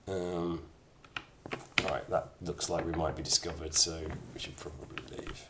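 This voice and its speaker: A man's voice: sits low, steady tone, measured pace, background noise. A man casually chatting to his live-stream viewers as he plays a game, reading out their comments with jokey asides. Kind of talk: casual live-stream chat while gaming.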